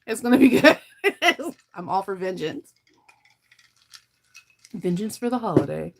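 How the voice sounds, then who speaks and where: A middle-aged woman chatting casually while she sews, laughing often and trailing off mid-sentence, tired as she recovers from an illness. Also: fairly high pitch. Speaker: sewing vlogger. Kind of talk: casual chat while sewing.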